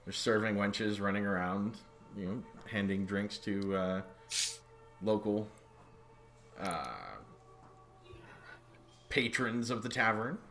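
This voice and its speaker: A man's voice: lowish voice, fairly even intonation, slow, pauses often, fairly bright tone, soft background music. A man narrating as game master of a tabletop game in a loose, rambling way full of fillers.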